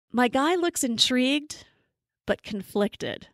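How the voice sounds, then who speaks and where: A woman's voice: fairly high pitch, normal speed, no room sound, studio quality. Sarcastic woman telling a comic story. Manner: sarcastic, deadpan, profane. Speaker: podcast host and storyteller. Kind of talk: comedic personal storytelling.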